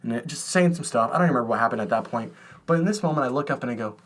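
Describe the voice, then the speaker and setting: A man's voice: mid-range voice, animated, racing, a bit bright. Young guy rambling a funny story on his podcast, laughs at himself, super casual. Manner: rambling storytelling, self-mocking. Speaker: podcast co-host. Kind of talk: casual chat.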